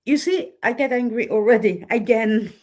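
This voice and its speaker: A woman's voice: fairly high pitch, animated, moderate pace, a little mellow. A woman hosting her own channel in a candid livestream monologue, speaking bluntly and getting heated and indignant about what she sees. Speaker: channel host.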